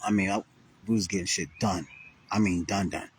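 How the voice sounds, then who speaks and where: A man's voice: low-pitched, brisk, a little hiss or hum. A man telling a rambling, profane story on a casual outdoor livestream. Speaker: vlogger. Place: outdoors, riding around a graveyard.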